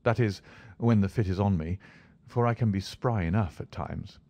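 A man reading the part of a calm, aloof male detective, cool and unhurried in manner. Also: on the low side, no echo. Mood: languid.

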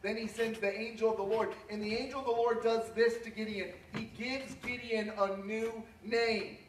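A middle-aged male pastor preaching with a notably high voice, rising from relaxed storytelling into loud, ringing calls. He is picked up by a cellphone some way off, so the sound is roomy, with a faint hum of ambience behind him. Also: normal speed. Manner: builds to loud, high-pitched preaching peaks. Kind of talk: sermon. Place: church sanctuary. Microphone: cellphone from a distance. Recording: echoey cellphone livestream from far off.

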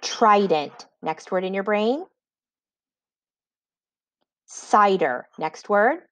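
Slow, clear woman teaching spelling. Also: medium pitch, lively intonation, fairly bright tone, no echo. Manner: slow, clear dictation with example sentences. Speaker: reading teacher. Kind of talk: recorded spelling lesson for children.

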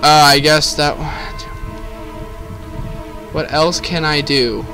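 A man's voice: on the high side, fairly even intonation, takes it slowly, music in the background. A young man giving let's play commentary, exasperated and swearing heavily, talking straight to the game. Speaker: gaming video host.

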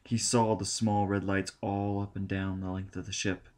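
A man narrating an audiobook in a steady, measured reading style. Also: deep voice. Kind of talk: scripted narration.

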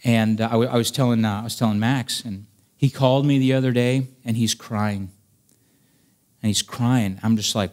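Earnest preaching man, ordinary pitch. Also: steady tone, brisk. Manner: earnest preaching, rising to emphatic peaks, dropping soft for stories. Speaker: pastor. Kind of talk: sermon.

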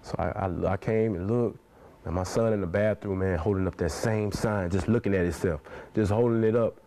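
A man's voice: on the low side, fairly even intonation, normal speed, warm tone. A man in his twenties speaking in an interview with passionate, preacher-like conviction, dropping "man" into nearly every phrase. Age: 20s. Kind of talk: earnest interview talk.

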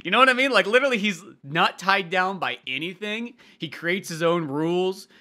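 A man's voice: high voice, moderate pace, bright, forceful tone. A man co-hosting a podcast, enthusiastic and rambling, with lots of "like" as he talks about a movie. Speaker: podcast co-host. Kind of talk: casual movie discussion.

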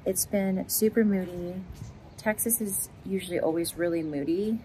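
A woman vlogs for her fitness channel, chatting upbeat and casually straight to viewers through a phone camera, first in a kitchen and then at a gym. Her voice is mellow and fairly low at a moderate pace, recorded in an echoey room with background noise.

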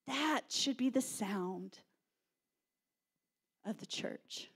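A woman pastor, preaching a sermon with animated storytelling and shouted quotes. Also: on the high side, very slow, pauses often, husky.

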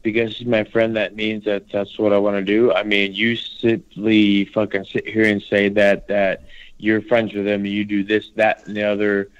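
A man's voice: lowish voice, completely flat delivery, normal speed, no room sound, dull audio. A man calling into a show, arguing angrily and making profane threats. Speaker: caller. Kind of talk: heated call-in argument.

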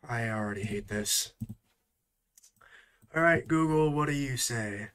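A man's voice: medium pitch, fairly bright tone, clear, resonant tone. Casual male vlogger, mid-range voice, sighs and frustrated self-mockery. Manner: exasperated, sighing, drawn-out repeated attempts at words. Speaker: YouTuber. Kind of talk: casual vlog chat.

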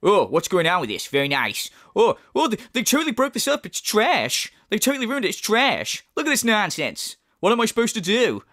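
A man's voice: high voice, wildly swooping pitch, brisk, hardly any pauses, a bit bright, no room sound, clean studio sound, pitched above the performer's own voice, heavily acted. A man doing a mocking impression of a whiny adult male gamer who sputters complaints at a game.

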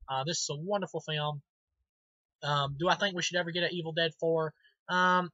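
Amateur male film reviewer, bright tense voice, chatty and rambling, dry dull lo-fi sound. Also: a little high, no room sound. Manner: enthusiastic, rambling with many ums and restarts. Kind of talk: casual movie review.

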